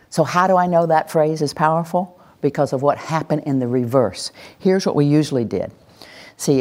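A woman teaching about praising children, animated and playful, acting out parents' baby talk and scolding in her examples. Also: lowish voice. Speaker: parenting educator. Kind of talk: lively talk to an audience.

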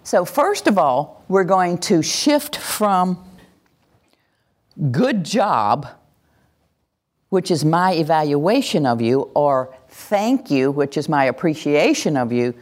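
A woman workshop presenter gives an interactive teaching talk to a live group in a room, animatedly acting out cheering voices as she goes. Her voice is deep, and she keeps a measured pace with hardly any pauses.

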